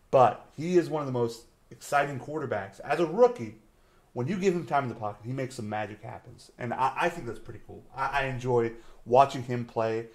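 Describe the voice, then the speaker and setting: A man co-hosting a live-stream sports show, rambling casually, teasing, laughing often and filling pauses with "um". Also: medium pitch. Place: lives in Austin, Texas.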